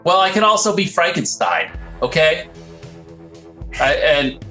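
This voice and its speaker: A man's voice: a little high, huge pitch swings, a little slow, pushed and bright, soft background music, heavily acted, low-quality recording. A man voicing a flustered male vampire enthusiast in a tabletop game, stammering and hesitant. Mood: defensive. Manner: stammering, hesitant, laughs often. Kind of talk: tabletop role-play in character.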